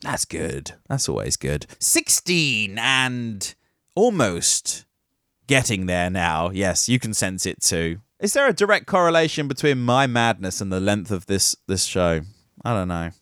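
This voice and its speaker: A man's voice: lowish voice, big pitch swings, unhurried, a bit bright, clear, resonant tone, no room sound, clean studio sound. Theatrical sarcastic man. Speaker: podcast host. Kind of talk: solo commentary on news.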